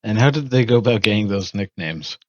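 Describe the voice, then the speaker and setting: Wry low-voiced man interviewer. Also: lively intonation, a little fast, darkish tone, dry recording, highs cut off. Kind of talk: improvised comedic interview.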